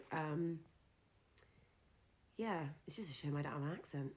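Young woman vlogger, low-ish voice, nervous, candid, casual swearing. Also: measured pace, darkish tone, a little hiss or hum. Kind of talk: casual chat to camera.

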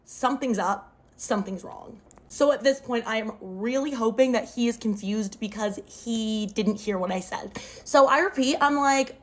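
A woman's voice: on the high side, normal speed. A young woman telling a wild personal story to camera, dramatic and full of "like". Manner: dramatic retelling, often says "like". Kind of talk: storytime vlog.

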